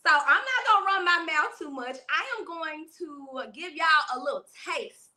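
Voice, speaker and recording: Woman, live-stream host, high and piercingly bright, bubbly and chatty, laughs often, calls the audience y'all. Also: animated, normal speed. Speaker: host of a live music interview show. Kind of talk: livestream chat with viewers. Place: seated in a chair.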